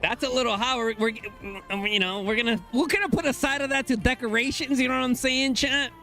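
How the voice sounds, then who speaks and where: A young man streaming a game live, talking to his chat in casual slang and bursting into excited high exclamations. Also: brisk, soft background music.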